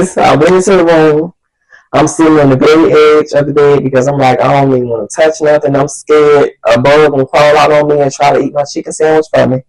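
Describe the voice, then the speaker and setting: A woman vlogger telling a story in an animated, exasperated way. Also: low-pitched, brisk, poor audio. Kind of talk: storytime vlog.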